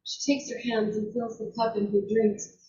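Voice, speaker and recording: A woman storyteller retelling a folktale in an unhurried way, repeating words and restarting phrases as she goes. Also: on the high side, little pitch movement, mellow, slight background noise. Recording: roomy, distant, dull lo-fi sound.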